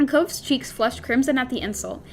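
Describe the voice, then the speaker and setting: A woman's voice: sits high, moderate pace, faint music behind. A young woman playing a story game, reading it aloud with giggly, playful commentary as the host. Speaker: gamer streamer.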